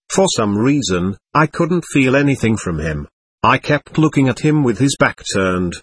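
A man narrating a first-person story aloud in an even, measured way. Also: medium pitch, breathy edge, dry recording.

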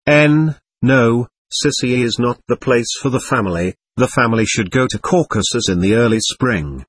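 A man's voice: mid-range voice, moderate pace, breathy edge, no room sound, lightly acted. A man reading an audiobook, voicing a stern, impatient doctor who speaks curtly and emphatically. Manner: curt, emphatic, offhand. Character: stern, impatient, pompous male society doctor. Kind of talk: audiobook character voice.

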